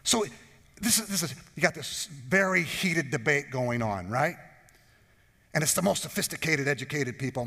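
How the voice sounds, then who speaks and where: A pastor preaching a sermon, joking and drawing the congregation in with questions. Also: male voice, fairly high pitch, expressive, normal speed, gravelly, pushed and bright, breathy edge, in a large hall. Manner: jokey, talks with the congregation.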